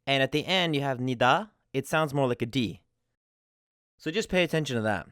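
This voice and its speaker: Smooth-voiced man teaching a lesson. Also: medium pitch, expressive, a little fast, a bit bright, no room sound, studio quality. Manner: friendly, explains step by step with examples. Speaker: language teacher. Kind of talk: casual explanatory lesson.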